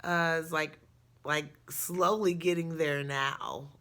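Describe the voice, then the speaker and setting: A woman's voice: low voice, steady tone, slow pace, a bit bright. A young woman telling a personal story in a casual, frank, chatty way, laughing often. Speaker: storyteller vlogger.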